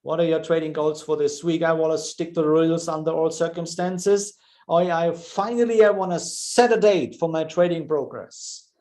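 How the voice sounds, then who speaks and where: A man's voice: on the high side, fairly even intonation, normal speed, a little mellow, poor audio. A man hosting a live trading webinar, thinking aloud over charts with frequent "yeah" fillers. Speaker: trading show host.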